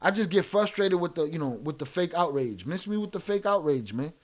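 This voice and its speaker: A man's voice: a little high, animated, brisk. A man, streaming and heatedly berating a viewer in chat, swearing hard. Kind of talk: angry livestream rant.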